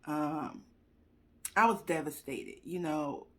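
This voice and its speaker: A woman's voice: low voice, slow pace. A young woman talking to viewers at her computer, telling a personal story while trying not to cry. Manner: chatty, addresses viewers directly; fighting back tears. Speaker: vlogger sharing a personal story. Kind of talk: emotional personal testimony. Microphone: computer webcam.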